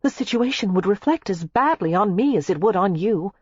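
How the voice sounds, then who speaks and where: A woman's voice: medium pitch, lively intonation, a little fast, darkish tone, husky, no echo, pitched above the performer's own voice. A reader voicing a spirited, playful young woman in an audiobook, breathless and teasing. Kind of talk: audiobook character voice. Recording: dull lo-fi dry recording.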